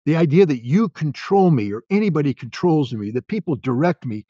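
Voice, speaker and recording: An American man in his sixties, giving a halting, emphatic interview answer that turns forceful and defiant. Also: a little high, lively intonation, dry recording. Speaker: interview guest. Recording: dull, dry remote call audio.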